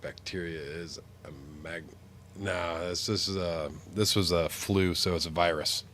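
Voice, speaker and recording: A man with a low, steady, somewhat bright voice speaks unhurriedly while streaming a game with the flu, sounding congested and nasal as he jokes and rambles. A little hiss or hum runs in the background.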